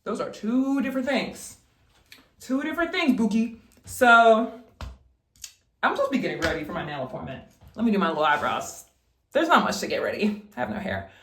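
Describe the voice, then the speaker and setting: A woman's voice: on the high side, big pitch swings, fairly quick, long pauses, echoey room, slight background noise. A young woman in a casual vlog, emphatically giving advice straight to the viewer while getting ready at home. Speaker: vlogger.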